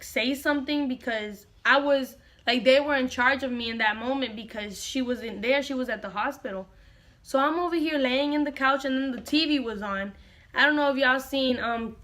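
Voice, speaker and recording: High, bright young woman telling a story. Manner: dramatic, animated retelling with repeated lines. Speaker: vlogger. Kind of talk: storytelling to camera.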